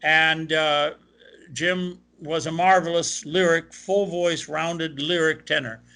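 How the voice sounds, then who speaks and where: An older man from Ohio is telling stories in an interview. His voice is bright and sits a little high for a man. He talks in long anecdotes and quotes the people he met along the way. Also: slow. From Ohio, USA. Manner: animated anecdotal, quoting others. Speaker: guest, opera tenor. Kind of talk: interview storytelling.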